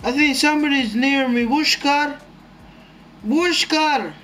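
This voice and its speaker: A young man commentating his own gameplay, excitable and jumpy, swearing often. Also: extremely high pitch, takes it slowly, slight background noise. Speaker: gaming YouTuber.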